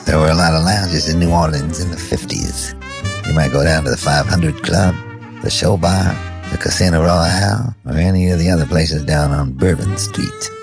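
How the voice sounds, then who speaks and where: Deep-voiced deadpan radio host. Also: male voice. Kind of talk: deadpan radio show narration.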